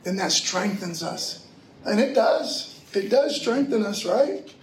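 Slow yet animated, the middle-aged pastor's high voice comes through a little hiss or hum, recorded at a distance in an echoey room. He tells a personal story within his sermon, keeping it loose, conversational and slangy.

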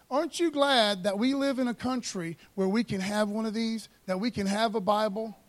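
A man preaching with fervor, his voice sitting noticeably high. He keeps the tone casual and punchy, tossing in "man" and calls for an amen between lines. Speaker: pastor. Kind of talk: sermon.

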